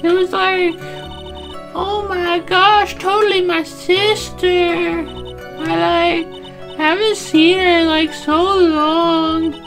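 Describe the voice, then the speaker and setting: A performer voicing a ditzy young woman witness who says "like" in every phrase, in a very high, breathy-sweet voice, for a fan dub of a game. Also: fairly even intonation, very slow, over music, exaggerated voice. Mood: spacey. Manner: valley-girl talk, "like" in every phrase.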